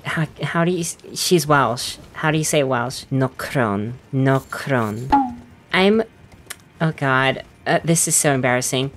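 A woman's voice: deep voice, moderate pace, slight background noise. A woman hosting a casual gameplay video, rambling and self-deprecating, with frequent giggles. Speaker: gaming video host.

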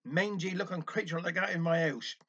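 A man voicing a prim, haughty middle-aged woman, speaking high and stiff. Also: fairly quick, sharp tone, husky, exaggerated voice. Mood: indignant. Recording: dull lo-fi recording.

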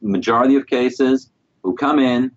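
A middle-aged man answering interview questions as a guest specialist, calm and explanatory. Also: mid-range voice, normal speed, muffled recording. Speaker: guest periodontist.

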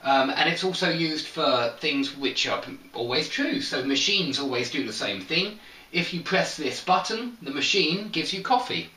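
A man teaching an English grammar lesson, explaining slowly and stressing each example sentence. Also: on the high side, expressive, bright, forceful tone. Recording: echoey room, mic at a distance.

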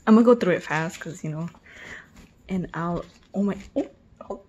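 A woman vlogging an unboxing, gushing with excitement and often dropping into breathy whispered exclamations. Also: lowish voice, moderate pace, slight background noise. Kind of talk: unboxing video.

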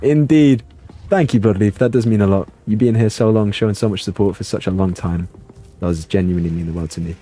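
A young man doing live gameplay commentary, playful and excitable, reading chat and yelping at the action. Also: fairly quick, husky. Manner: playful and excitable, jumping to high yelps. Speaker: streamer.

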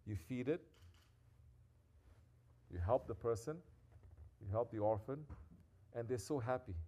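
A sheikh preaches unhurriedly in a mid-range voice. His sermon ranges from quiet, intimate reflection to loud, admonishing exhortation, peppered with Arabic devotional phrases.

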